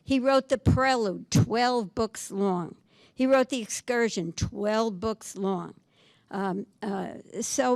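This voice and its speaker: An older woman gives a library lecture on poetry, speaking slowly in a fairly high voice. She reads lines of verse with care, then talks about them in a friendly way. The sound is dry and close, with no room echo. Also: a little mellow.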